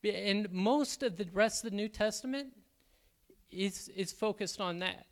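A man speaking to a church as an elder candidate, excitable and halting, with frequent restarts. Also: high-pitched. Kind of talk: sermon-style church talk.

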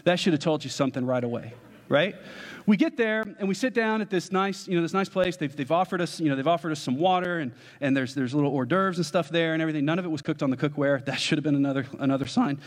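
Animated storytelling pastor, echoing hall. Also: male voice, on the high side, fast talker. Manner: animated, joking, addresses the congregation. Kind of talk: storytelling sermon. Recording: long hall reverb.

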